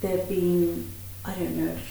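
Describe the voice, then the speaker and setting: A woman's voice: on the low side, flat delivery, slow, vocal fry, mellow, a little hiss or hum. A woman in a group discussion, asking a thoughtful question and searching for her words. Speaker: student in discussion. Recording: echoey room, mic far away.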